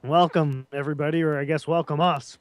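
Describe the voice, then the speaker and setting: A man's voice: fairly high pitch, steady tone, fairly quick, crowd noise. A man hosting a casual gaming podcast, rambling through his introduction with fillers and restarts. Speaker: podcast host.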